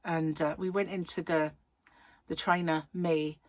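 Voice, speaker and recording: A woman with a low voice and flat delivery speaks at a measured pace in a dry recording. She hosts a crochet channel and chats her way through a rambling, giggly anecdote, often interrupting herself as she goes.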